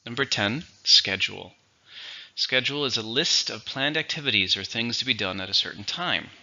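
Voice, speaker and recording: A man teaching English vocabulary in a slow, clear, instructive way. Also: medium pitch, lively intonation, pushed and bright. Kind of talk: vocabulary lesson. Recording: dull, lo-fi recording.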